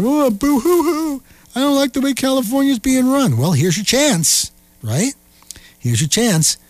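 A man's voice: medium pitch, breathy edge, dry recording. Radio host guy cracking jokes, bouncy up and down voice, dry studio sound. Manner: animated, wisecracking and sarcastic. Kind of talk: casual on-air commentary.

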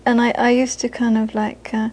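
High-voiced woman giving a dharma talk. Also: flat delivery, moderate pace, low-quality recording. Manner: warm storytelling, laughs often, repeats phrases for emphasis. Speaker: Buddhist teacher. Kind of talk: dharma talk to a live audience.

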